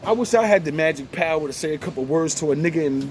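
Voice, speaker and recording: Male vlogger, slightly high voice, a confrontational street rant full of profanity, with loud vehicle noise around him. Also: animated, quick pace. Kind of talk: casual rant to camera.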